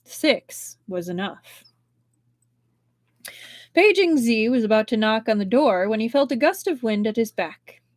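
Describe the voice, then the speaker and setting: A woman reading a novel aloud on a live stream, expressive, with big changes in loudness. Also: on the high side, measured pace, pauses often, dry recording. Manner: expressive, with strong shifts in loudness. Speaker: book reader and livestream host.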